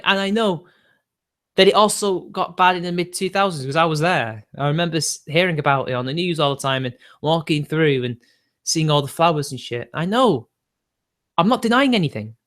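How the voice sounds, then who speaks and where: A man's voice: on the high side, a bit bright. A young man, arguing defensively with his live-stream chat and laughing between points.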